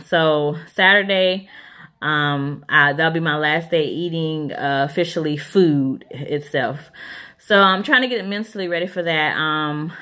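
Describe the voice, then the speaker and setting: A woman's voice: lowish voice, a bit bright. A woman, chatting casually to camera as a vlogger, rambling with lots of ums.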